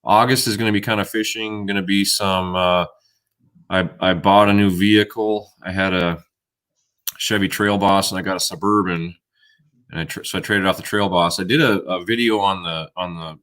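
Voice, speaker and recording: A man's voice: low-pitched, steady tone, fairly bright tone. A man chatting casually about his outdoor videos, with many restarts and fillers. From Minnesota. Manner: halting, loose talker with many restarts. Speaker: guest outdoors video creator. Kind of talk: casual outdoors chat on a livestream.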